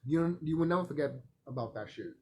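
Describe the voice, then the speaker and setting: A man's voice: a little high, lively intonation, fairly quick, darkish tone, breathy edge. A man talking in a casual, rambling vlog monologue, emphatic and profane, repeating himself and laughing often. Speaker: vlogger.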